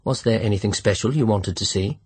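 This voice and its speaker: Man voicing a young purser, English accent, polite, formal, deep, very clear. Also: fairly quick, darkish tone. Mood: courteous.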